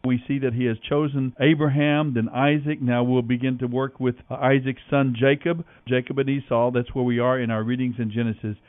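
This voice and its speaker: A man hosting a Bible reading, measured and earnest, reading scripture with commentary. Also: medium pitch, flat delivery, no room sound. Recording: tinny phone-like line, faint music.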